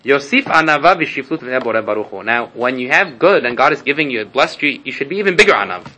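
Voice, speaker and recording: A medium-pitched, expressive man speaks fast with a sharp tone, and the recording is rough. Leading an informal Torah class, he relates stories with Hebrew terms and rhetorical asides, frequently going back to repeat or restart phrases.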